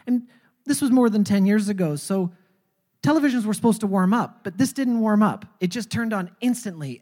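A speaker telling a personal faith testimony in a halting way, often repeating words before going on. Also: medium pitch, darkish tone, big-room sound. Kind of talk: personal storytelling.

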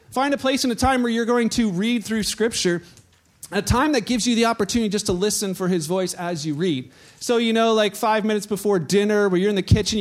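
Male pastor with a high voice, preaching through anecdotes and playing every quoted voice himself. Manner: storytelling, acts out quoted voices. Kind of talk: sermon.

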